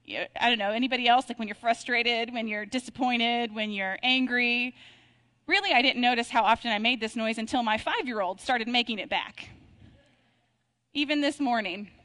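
A woman pastor in her thirties delivers a sermon with a somewhat high voice. She speaks in a reflective, conversational tone and slows down to draw out key lines of scripture. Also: pushed and bright.

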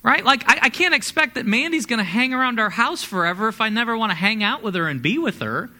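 A pastor delivers a sermon in a chatty, energetic style, putting questions to his congregation. His voice is very high and he speaks quickly.

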